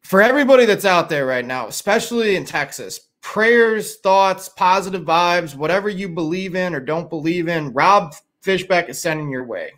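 A middle-aged man from the Chicago area hosts a casual livestream, sounding tired, rambling, and swearing a lot. His voice is high, expressive, and a bit bright, at a moderate pace with hardly any pauses.

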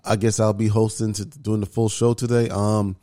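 A man hosting a casual podcast, hoarse from a cold, with a voice that keeps cracking and a loose, joking manner. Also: fairly low pitch, flat delivery, normal speed, warm tone, no echo, studio quality. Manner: voice cracks upward unpredictably. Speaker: podcast host.

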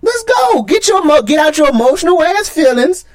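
High, lively man teasing his co-host. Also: fairly quick. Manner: teasing, profane, pushy and animated. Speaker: podcast co-host. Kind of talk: casual heated sports talk.

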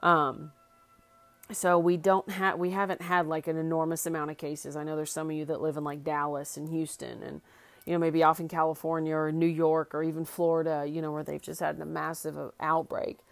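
A middle-aged woman with a low voice talks in an easygoing way, circling back and restarting her thoughts with many fillers. The recording is dry and close, with no room around her voice. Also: level tone, a little fast, gravelly, dry recording. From Arkansas, US South. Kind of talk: casual heartfelt monologue.

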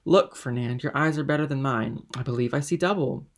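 Guy reading as a loud drunk sailor, gravelly, slurry bluster. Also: medium pitch, brisk, natural voice. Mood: rowdy, drunk. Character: drunken envious middle-aged male sailor.

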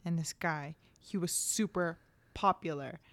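A woman's voice: on the low side, unhurried, fairly bright tone, dry recording. A young woman co-hosting a podcast, chatting casually and telling stories, with some swearing and bits of Spanish. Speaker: podcast co-host. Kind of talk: casual chat.

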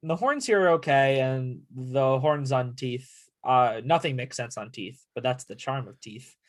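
A man's voice: medium pitch, unhurried. A man co-hosting a music podcast, chatting casually in a teasing, playful way. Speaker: podcast co-host. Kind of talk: casual chat about music.

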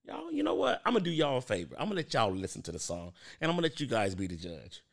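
A man's voice: medium pitch, huge pitch swings, fast, vocal fry. A man in his thirties hosting a podcast alone, chatting casually and talking straight to his listeners. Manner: chatty, addresses listeners as "y'all", frequent restarts and fillers. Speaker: podcast host.

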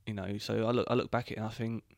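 A man's voice: lowish voice, rapid-fire, vocal fry, no room sound, clean studio sound. A young man chatting easily as a guest, with lots of ums and you knows. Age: young adult. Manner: relaxed, uses fillers like um and you know. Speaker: guest, host's son. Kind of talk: casual chat.

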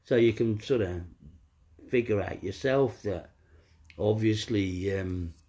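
A man's voice: on the low side, slow, warm tone. A man telling a personal story in a casual, rambling, wry way, with many fillers and restarts.

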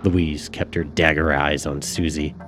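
A man narrating a dark novel in a measured storytelling manner. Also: extremely low pitch, flat delivery, soft background music. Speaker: audiobook narrator. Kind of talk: scripted narration.

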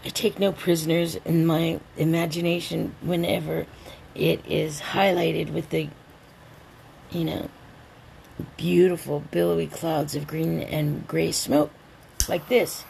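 A woman hosting a rambling solo podcast, a little drunk and stoned, drawling along and breaking into excited outbursts. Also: low-pitched, creaky, a little hiss or hum. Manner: tipsy, meandering, slow drawl with sudden excited outbursts. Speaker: podcast host.

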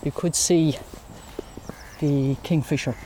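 An Irish woman in her fifties, a wildlife photographer, chats as an interview guest while walking outdoors by a lake. Her voice is low, dark, and steady, and she is an unhurried, chatty storyteller. Slight background noise can be heard.

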